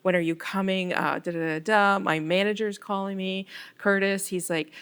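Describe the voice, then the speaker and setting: A middle-aged woman from Canada, a ward councillor in a casual interview, telling stories in an animated way and acting out the dialogue. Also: medium pitch, normal speed, hardly any pauses, smooth. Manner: animated storyteller, acts out quoted dialogue.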